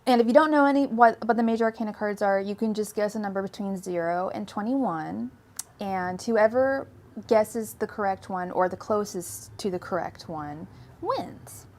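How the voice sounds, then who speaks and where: A woman's voice: mid-range voice, moderate pace, darkish tone. A young woman hosting a tarot-reading livestream, chatting casually with lots of fillers and giggles. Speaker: tarot reader livestream host.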